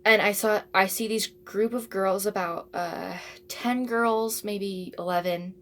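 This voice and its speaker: A woman's voice: medium pitch, steady tone, slow, fairly bright tone. Chatty teen girl rambling through a story. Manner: rambling, chatty, with many asides and fillers. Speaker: vlogger. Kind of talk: casual storytime.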